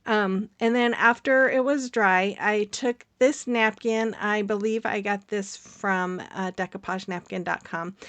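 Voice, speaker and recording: A woman's voice: medium pitch, a bit bright, dry recording. Chatty woman narrating a craft tutorial. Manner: chatty, rambling, laughs often, many fillers. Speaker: craft channel host. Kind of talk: casual craft tutorial voice-over.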